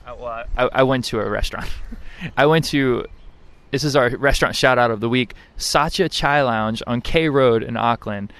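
A young man with a smooth, clear voice, chatting casually as a podcast co-host. He tells a travel story in a relaxed way and laughs often. His pitch sits in the middle of a man's range. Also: moderate pace. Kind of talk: casual chat. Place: outdoors under trees.

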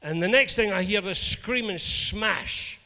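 A man's voice: high-pitched, unhurried, in a large hall. A Scottish man preaching as a minister, telling stories animatedly and acting out the dialogue. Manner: animated, acts out dialogue in anecdotes. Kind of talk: storytelling sermon.

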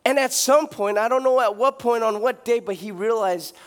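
A young adult man preaches from the pulpit with a notably high voice. He tells stories with lively, animated delivery and joking asides, sometimes mimicking a loud street preacher. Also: normal speed, clear, resonant tone. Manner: animated, acts out shouting street preachers with big pitch jumps; joking, laughs at his own asides. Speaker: pastor. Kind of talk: sermon.

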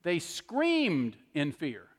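Preacher, middle-aged man, high tenor voice, chatty sermon style, handheld mic, long church reverb. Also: huge pitch swings, extremely slow. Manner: conversational preaching with frequent "okay?" asides. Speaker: pastor. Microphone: handheld microphone.

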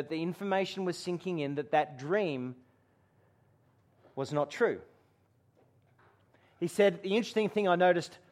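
A man preaching a sermon to a gathering, telling a story and dropping to a hush for dramatic moments. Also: sits high. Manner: storytelling with dramatic hushed drops. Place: room with a gathering.

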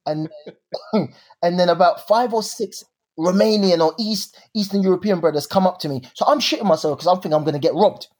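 A young man telling a story in casual chat, animated and full of slang, acting out his own drama. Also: high-pitched, fairly quick.

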